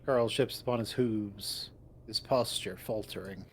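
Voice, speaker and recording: A man's voice: lowish voice, steady tone, unhurried. A man narrating a visual novel in the first person and voicing its lead, in a wry storytelling manner.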